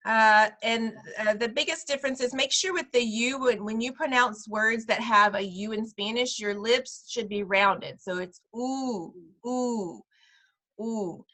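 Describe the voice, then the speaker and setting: A woman teaching a parents' class over a video call, pitched a little high with a bright, clear edge. She talks patiently and models each sound slowly, repeating words so her students can follow. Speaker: preschool director teaching a parent Spanish class. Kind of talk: online class instruction.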